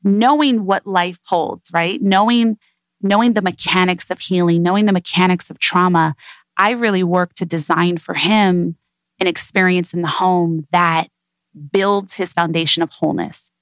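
Earnest, reflective woman with a lowish voice. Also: fairly even intonation, normal speed, no room sound. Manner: earnest, warm, reflective, speaks in repeated emphatic phrases. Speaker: interview guest. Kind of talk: reflective conversational interview.

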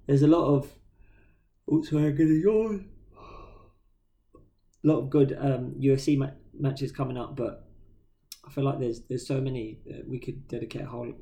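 A man with a British accent co-hosting a podcast, telling stories in a casual, slangy, animated way. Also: medium pitch, moderate pace, long pauses. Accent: British English. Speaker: podcast co-host. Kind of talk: casual chat.

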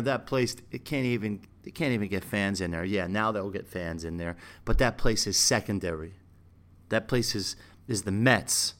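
A man's voice: mid-range voice, fairly bright tone. Casting: New host, man, argumentative, fiery delivery. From Brooklyn, New York. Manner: emphatic, argumentative, rhetorical questions. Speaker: sports commentary channel host. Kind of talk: opinionated basketball rant.

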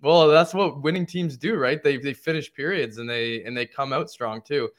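Chatty, excitable hockey podcast guy. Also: mid-range voice, moderate pace. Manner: chatty, lots of likes and rights, excitable. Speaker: sports podcast co-host. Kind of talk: casual sports chat.

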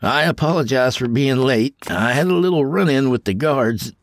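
A man's voice: medium pitch, normal speed, no room sound, clean studio sound, pitched above the performer's own voice, close to an everyday voice. A man voicing a frightened, indignant male doctor who snaps and curses. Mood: strained. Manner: indignant, snapping, cursing. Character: angry, frightened middle-aged male doctor.

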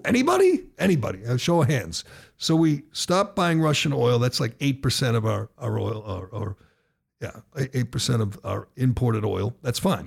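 Gravelly-voiced sarcastic talk radio host. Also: male voice, mid-range voice. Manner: sarcastic, rising to loud rhetorical outbursts. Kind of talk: political talk radio commentary. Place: radio studio.

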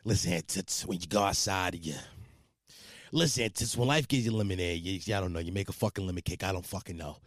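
A man putting on a brash, gruff older Italian-American tough guy voice, talking down in a drawn-out way. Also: low voice, dry recording, studio quality, pitched below the performer's own voice, natural voice. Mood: swaggering.

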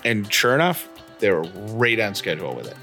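Man, podcast co-host, lively swooping pitch, expressive storyteller, faint music behind. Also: fairly quick. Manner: animated, expressive. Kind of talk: casual storytelling.

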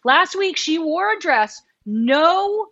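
A woman's voice: very high voice, sing-song, slow pace, fairly bright tone, dry recording, muffled recording. A woman guest chatting casually on a podcast, often trailing off mid-thought. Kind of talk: casual chat.

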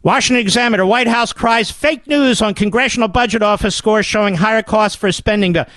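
A man's voice: sits high, brisk, fairly bright tone, no room sound, studio quality. A man hosting a political talk radio show, delivering a combative and sarcastic monologue.

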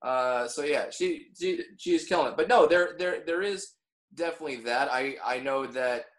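A man's voice: a little high, moderate pace, fairly bright tone. A man from Orange County, California, hosting a comedy podcast, rambling with many restarts and riffing on jokes. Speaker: podcast host. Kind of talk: casual comedy podcast banter.

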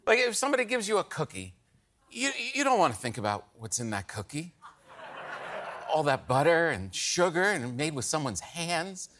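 Animated, exasperated middle-aged comic man. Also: on the high side, moderate pace. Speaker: comedian guest. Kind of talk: talk show comedy banter. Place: television studio.

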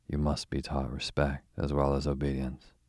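Man voicing a strict middle-aged father in a storybook; stern and commanding, deep and flat. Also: moderate pace, no room sound, studio quality.

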